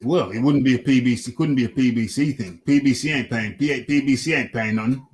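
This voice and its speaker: A man's voice: mid-range voice, fast. A British man hosting a casual boxing talk show, repeating himself as he makes emphatic points. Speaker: boxing podcast host.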